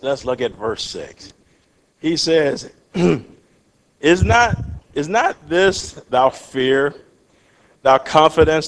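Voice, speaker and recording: A man leading a Bible study, reading verses and acting out what people say, with lively questions to his class. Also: fairly high pitch. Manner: animated, acts out quotes, asks the class questions.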